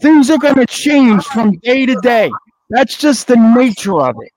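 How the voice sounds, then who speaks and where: A man's voice: very high voice, animated, a little slow, darkish tone, dry recording, low-quality recording. A man who runs a podcast network, arguing angrily with a caller and lecturing him with constant swearing. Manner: angry, profane, lecturing. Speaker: network owner. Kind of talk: heated on-air argument.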